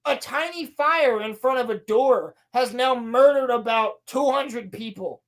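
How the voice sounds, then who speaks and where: High-voiced woman ranting sarcastically. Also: unhurried. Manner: sarcastic, swears a lot, acts out scenes in voices. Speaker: podcast co-host. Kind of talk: casual ranting recap.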